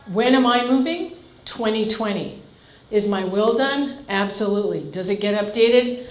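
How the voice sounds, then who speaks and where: Canadian woman coach talking straight to a crowd, pushy questions, echoey hall sound. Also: mid-range voice. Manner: blunt, direct, peppers audience with questions. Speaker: farm family coach. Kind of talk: live seminar presentation.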